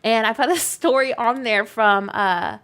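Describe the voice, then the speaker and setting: A young woman streaming a game, chatting casually, giggling often and bursting into excited outbursts. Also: fairly high pitch, measured pace. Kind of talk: casual live-stream chat while playing.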